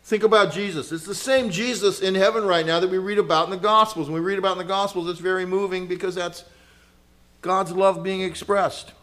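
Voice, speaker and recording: Man preaching, earnest, loud-to-hushed swings. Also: high voice, fairly even intonation, brisk. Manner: conversational asides with fillers and chuckles. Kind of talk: sermon.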